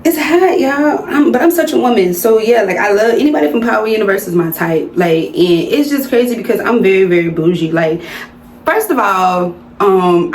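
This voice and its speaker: A woman's voice: medium pitch, darkish tone, a little hiss or hum. A woman, chatting playfully and straight to her viewers in a casual vlog. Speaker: vlogger. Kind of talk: casual chit-chat vlog. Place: indoors under hot lights. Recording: roomy indoor sound with faint music.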